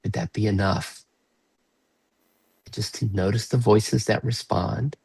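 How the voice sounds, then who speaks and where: A man with a low, slightly husky voice guides a small group through a reflective exercise over a video call. He speaks slowly and gently, asking open questions. The sound is dry and close. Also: fairly even intonation, no echo, rough recording. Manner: slow, gentle, inviting questions with playful bursts. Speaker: workshop facilitator. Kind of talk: guided reflective workshop talk.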